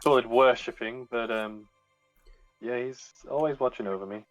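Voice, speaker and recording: A man voicing a gruff, seasoned adventurer and old friend, speaking casually and plainly in a tabletop role-play. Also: medium pitch, normal speed, dry recording, soft background music, natural voice, poor audio. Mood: wry.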